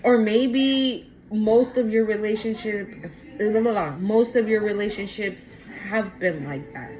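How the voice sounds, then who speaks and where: A woman's voice: mid-range voice, a little slow, a little mellow, dull audio. A woman giving a casual spoken tarot reading to her viewers, talking in an emphatic, repetitive way. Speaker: tarot reader.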